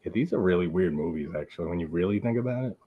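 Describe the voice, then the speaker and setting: A man's voice: low-pitched, animated, rapid-fire, slightly rough. A man hosting a casual live movie-watch chat, rambling with lots of "like" fillers and frequent laughter. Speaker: host. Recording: dull lo-fi stream audio.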